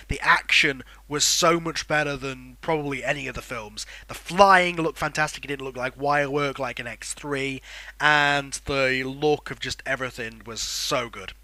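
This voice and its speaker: Bright-voiced enthusiastic man reviewing films. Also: a little high, no echo. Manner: enthusiastic, rambling, opinionated. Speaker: film reviewer. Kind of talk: casual spoken film review.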